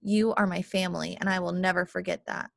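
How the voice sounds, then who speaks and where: A woman voicing a middle-aged father who speaks low, calm and earnest. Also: moderate pace, gravelly, no room sound, studio quality. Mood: firm.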